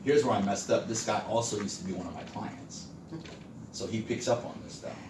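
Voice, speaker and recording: A man's voice: lowish voice, brisk. A man who works as a sales coach, telling stories in a conversational way and quizzing a live group during a training session. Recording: echoey room, distant mic, background noise.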